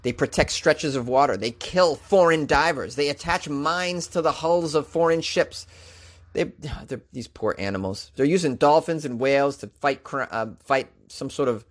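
A man's voice: medium pitch, measured pace. A man reading odd news stories aloud and breaking in with sarcastic, incredulous asides, in a casual comedic commentary style. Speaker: podcast host reading news.

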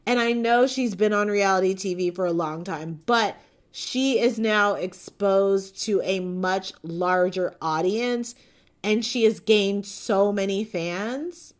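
A woman hosts a casual reality-show recap in an unhurried, chatty way. Her voice sits at a middle pitch, and she gushes freely, filling her sentences with casual fillers. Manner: chatty, gushing, many fillers like "like" and "um". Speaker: podcast host reviewing a reality show.

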